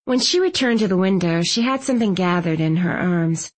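A woman reading a first-person novel aloud as an audiobook narrator, brisk and expressive. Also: on the low side.

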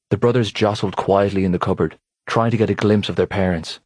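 Deep, husky male audiobook narrator. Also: fairly even intonation, a little fast, darkish tone, no room sound. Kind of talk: scripted narration.

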